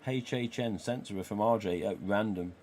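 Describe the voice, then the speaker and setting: A lowish, slightly mellow voice at normal speed, with a faint hiss or hum in the background. The speaker, an English man in his forties, hosts a laid-back live stream where he swears openly and acts out quoted dialogue.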